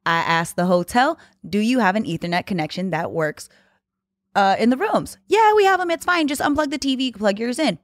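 A woman guest on a podcast, telling a story in casual chat, lively and exasperated as she quotes others. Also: mid-range voice, normal speed, dry recording, studio quality.

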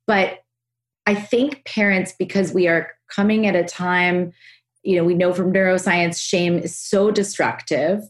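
Woman host, lowish voice, eager interviewer who restarts and rushes through ideas. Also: fairly even intonation. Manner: enthusiastic, fast, restarts and rushes through thoughts. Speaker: podcast host. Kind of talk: podcast interview.

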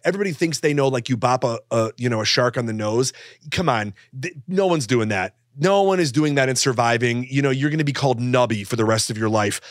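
A man's voice: mid-range voice, quick pace, no room sound, studio quality. A man co-hosting a comedy podcast, joking and rambling with lots of fillers. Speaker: podcast co-host. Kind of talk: casual comedic chat.

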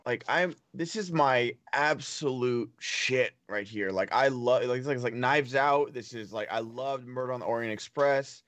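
A man's voice: medium pitch, moderate pace, few pauses, fairly bright tone, no echo. A young man co-hosting a casual podcast chat, loose and swearing often, laughing a lot. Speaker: podcast co-host.

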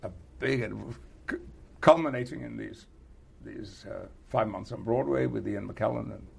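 Older British actor guest, gravelly, halting, chuckly; casual interview talk. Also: male voice, fairly low pitch, slight background noise.

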